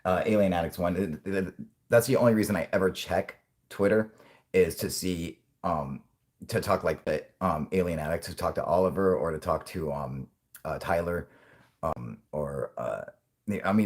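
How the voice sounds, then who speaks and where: A man's voice: deep voice, moderate pace. A man in his twenties hosting a casual livestream, stoned and rambling, swearing constantly and laughing often. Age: 20s. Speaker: channel host.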